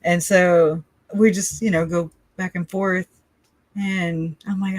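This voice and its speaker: A woman's voice: fairly low pitch, fairly even intonation, unhurried, dry recording. Chatty, rambling woman, dry close sound. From Southern United States. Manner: rambling, chatty, laughs often between thoughts. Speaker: livestream host. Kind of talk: casual livestream chat.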